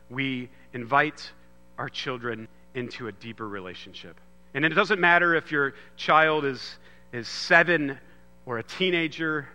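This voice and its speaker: Earnest bright-voiced man preaching. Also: mid-range voice, in a large hall. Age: 30s. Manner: earnest, swings from loud emphasis to hushed storytelling. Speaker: pastor. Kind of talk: sermon.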